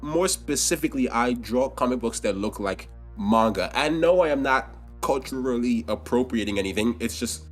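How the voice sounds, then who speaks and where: A man's voice: medium pitch, animated, normal speed, hardly any pauses, faint music behind. A young man co-hosting a casual podcast, joking and swearing loosely, with a scratchy voice. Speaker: podcast co-host. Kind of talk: casual chat.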